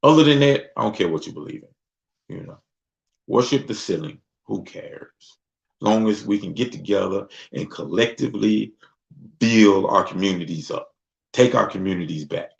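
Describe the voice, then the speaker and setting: A man's voice: on the low side, expressive, moderate pace, vocal fry. A man from Mississippi hosting a casual talk show, speaking loosely and slipping into voices to act out other people. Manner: loose, conversational, acts out voices. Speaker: host. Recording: dull lo-fi sound.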